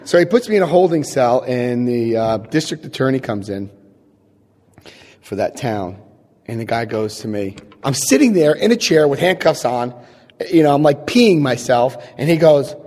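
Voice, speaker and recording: A man's voice: medium pitch, animated, normal speed, a little mellow. A middle-aged man from New Jersey giving a recovery meeting talk, telling his story animatedly, acting out quotes and laughing at himself. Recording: long hall reverb.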